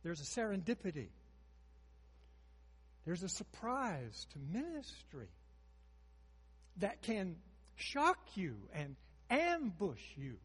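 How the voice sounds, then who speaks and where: A man in his sixties preaching a sermon, moving between hushed storytelling and emphatic rises. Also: sits high, wildly swooping pitch, slow, long pauses, slightly rough, in a large hall.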